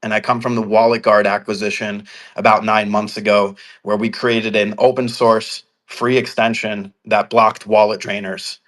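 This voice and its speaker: A man's voice: fairly low pitch, a bit bright. A male guest speaking fluently and upbeat, introducing himself and his work. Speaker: guest, security specialist. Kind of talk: guest chat.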